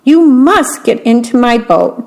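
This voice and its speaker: Bossy, proud storybook mosquito ferryman, highish ; a woman voices him. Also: sing-song, unhurried, vocal fry, darkish tone, heavily acted, rough recording.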